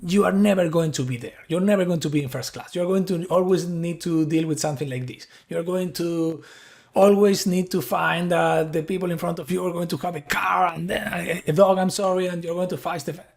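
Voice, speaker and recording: A man's voice: high-pitched, steady tone, fairly quick, creaky, darkish tone. Argentine-accented man giving an earnest talk. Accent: Argentine Spanish. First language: Spanish. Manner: earnest, persuasive storytelling with an analogy. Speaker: conference speaker. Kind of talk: online tech talk.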